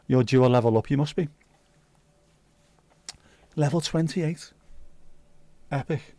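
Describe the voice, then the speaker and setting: A man hosting a casual livestream, chatty and jokey, answering viewers as he goes. His voice sits at a middle pitch. The recording is dry, with no room echo. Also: slow, mellow. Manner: chatty, jokey, reacting to chat. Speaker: livestream host.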